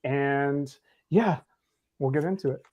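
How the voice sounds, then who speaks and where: A man's voice: medium pitch, slow, a little mellow. A man who is a correspondent on a casual podcast, talking in a jokey, upbeat way. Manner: jokey and upbeat, laughs often. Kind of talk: casual chat.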